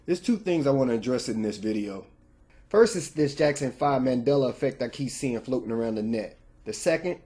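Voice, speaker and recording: A man's voice: mid-range voice, darkish tone. Male vlog host, casual and direct, sure of his views, mid-range voice. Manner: direct, opinionated, talks straight to viewers. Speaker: channel host.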